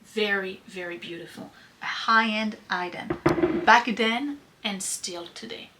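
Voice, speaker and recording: A woman's voice: medium pitch, a little slow, very noisy. A woman who runs a vintage shop, chatting enthusiastically as she shows off pieces to her viewers. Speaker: vintage shop owner showing items. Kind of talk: casual product showcase.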